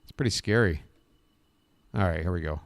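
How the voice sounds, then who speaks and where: Male streamer, lowish voice, dry sound; casual, sarcastic, rambling riffing. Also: normal speed, gravelly, no echo. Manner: rambling, self-interrupting. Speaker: live-stream host. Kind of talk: casual live-stream commentary.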